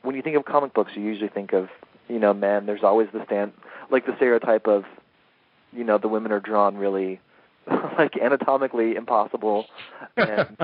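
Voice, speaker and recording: This is a man with a somewhat low voice, answering questions in an eager, rambling way with easy laughter. He sounds like he is on a tinny phone line, dry and close with no room echo. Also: brisk. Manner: enthusiastic, rambling, laughs easily. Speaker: interview guest, comics editor. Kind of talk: casual interview chat.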